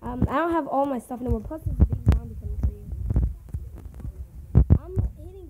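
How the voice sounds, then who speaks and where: A young woman giving casual, excitable commentary while playing a video game with a friend, often yelping and laughing. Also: sits high, a little fast. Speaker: gaming video host. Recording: loud background noise.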